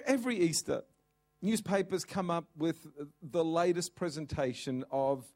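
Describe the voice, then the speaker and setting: A man preaching an Easter sermon, exuberant and joking, shouting acclamations and then dropping to a calmer, conversational tone. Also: mid-range voice. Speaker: pastor.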